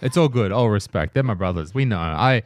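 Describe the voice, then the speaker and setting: A man hosting a podcast, chatting casually with quick jokes and frequent laughter. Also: fairly low pitch, animated, no echo. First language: not Estonian. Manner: quick, joking, laughs often. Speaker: podcast host.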